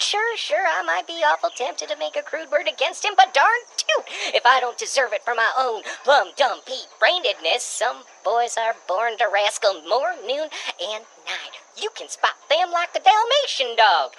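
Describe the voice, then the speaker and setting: A woman's voice: sits high, a bit bright, a little hiss or hum, exaggerated voice, poor audio. A woman playing a folksy, rueful old male guardian with a homespun drawl in a comedy audio drama. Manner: folksy drawl, self-mocking. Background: music.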